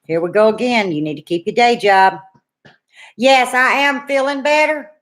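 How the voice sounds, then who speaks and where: A woman's voice: fairly high pitch, moderate pace, a bit bright. A middle-aged woman with a Louisiana Southern accent, co-hosting a casual live chat in a folksy, teasing, chatty way. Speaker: co-host of a live cooking chat stream.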